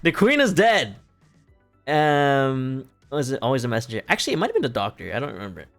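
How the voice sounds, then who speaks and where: A man's voice: medium pitch, very animated, quick pace, gravelly, faint music behind. A man recapping a play on a live stream in casual talk, rambling and profane and laughing often.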